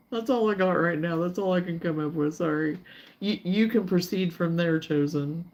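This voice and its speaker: A woman's voice: lowish voice, measured pace, pauses often, darkish tone. A woman hosting a crochet livestream, chatting in a rambling, easygoing way, yawning and sleepy. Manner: rambling, chatty, reads viewer comments aloud. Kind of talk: casual livestream chat.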